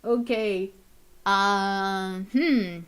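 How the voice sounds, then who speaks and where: Worldbuilding on a stream, a woman talks casually in a clear, resonant, mid-range voice that is a bit bright, drawing out her words. She rambles, restarts often, laughs readily, and shifts into Portuguese at times.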